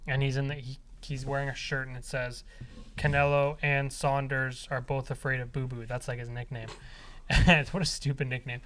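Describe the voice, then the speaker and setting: A man's voice: medium pitch, normal speed, slight background noise. A man, co-hosting a podcast and telling a story animatedly. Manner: animated storytelling, laughing, quoting others. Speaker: podcast co-host. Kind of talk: casual chat.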